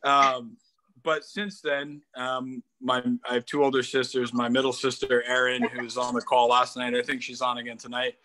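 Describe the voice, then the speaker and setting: A man's voice: medium pitch, little pitch movement, moderate pace, bright, forceful tone. A young man from Connecticut telling a light, rambling memory on a video call.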